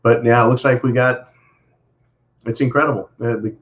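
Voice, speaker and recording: A man hosting a casual livestream, rambling along in a folksy way, full of "uh"s and restarts. His voice sits at an ordinary middle pitch. The stream audio is dull and lo-fi. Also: steady tone, moderate pace. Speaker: livestream host reading super chats. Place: Texas.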